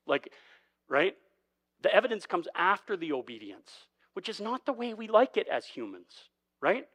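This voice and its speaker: A pastor delivers his sermon in a loose, conversational way, slipping into the voices of the people he quotes. His voice sits a little higher than most men's. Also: expressive, unhurried, long pauses, fairly bright tone. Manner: conversational, acts out quoted dialogue. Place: church sanctuary.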